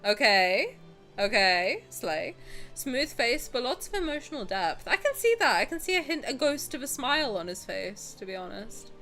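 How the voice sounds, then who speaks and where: A young woman streamer chatting casually with her viewers on a headset, cheeky and animated, swearing and laughing freely. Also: sits high, moderate pace, faint music behind. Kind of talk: casual live-stream chat. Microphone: headset with headphones.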